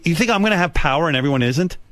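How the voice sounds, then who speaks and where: A man's voice: on the high side, expressive, rapid-fire, fairly bright tone. A man hosting a radio show, bantering casually in a blunt, profane, teasing way.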